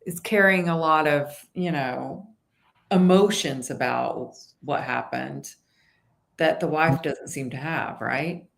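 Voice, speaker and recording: Upbeat woman hosting, lowish voice. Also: slow pace, vocal fry. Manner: upbeat, playful. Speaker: host. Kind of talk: casual interview chat.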